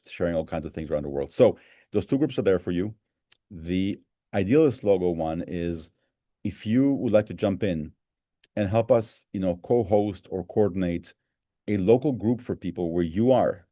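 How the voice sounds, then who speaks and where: A man hosts a live online gathering over a video call, his voice low and warm in tone. He rambles, circles back and restarts his sentences. The sound is dry and close, with no room around it. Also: no echo. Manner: rambling, warm-hearted, many restarts and fillers. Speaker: host of an online town hall.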